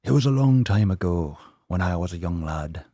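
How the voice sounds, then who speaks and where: A grizzled old pirate leans in to tell a tale, his put-on Irish brogue gruff and unhurried, as a man puts him on. The voice sits low, and the recording is dry and close. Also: lively intonation, mellow, no room sound. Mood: yarn-spinning. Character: old male pirate storyteller in a pub.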